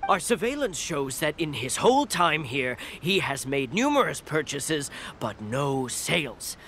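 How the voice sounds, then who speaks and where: A stern soldier in a video game, bright-edged and lively, laying out accusations like a formal report. A faint hiss runs beneath. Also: male voice, fairly high pitch, a little slow, full character voice. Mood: accusing.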